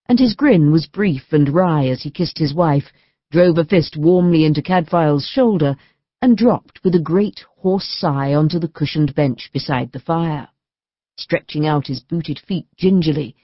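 A woman narrating an audiobook in a steady, even storytelling manner. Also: sits low, dry recording. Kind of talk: scripted narration. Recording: dull dry studio recording.

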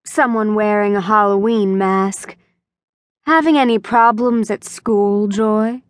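A woman voicing a calm male police officer asking routine questions in an audiobook. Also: mid-range voice, takes it slowly, no echo, studio quality, natural voice. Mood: questioning. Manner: matter-of-fact questioning. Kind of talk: audiobook character voice.

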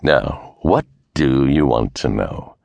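A man voicing a cool, wry 1930s male private detective who talks in a dry, unhurried way in an audiobook. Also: rumbling low, animated, vocal fry, darkish tone, no room sound, lo-fi sound, pitched below the performer's own voice, full character voice. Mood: sardonic.

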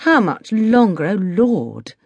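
A woman's voice: medium pitch, very animated, takes it slowly, a little mellow, slightly rough, dry recording, lo-fi sound, full character voice. A woman narrator voicing an upper-class English young woman who talks through barely parted lips in amused tones.

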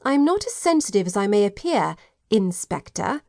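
A woman voicing a determined young Englishwoman who solves crimes, in an audiobook, with an insistent, brisk manner. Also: mid-range voice, sing-song, gravelly, dark tone, dry recording, clean studio sound. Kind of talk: audiobook character voice.

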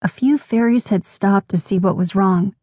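A woman narrating a children's audiobook in a clear, gentle, measured way. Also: mid-range voice, steady tone, no room sound. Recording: dry studio recording.

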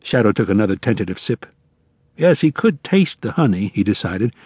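A man narrating an audiobook in measured, lively storytelling. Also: fairly low pitch, husky, no room sound.

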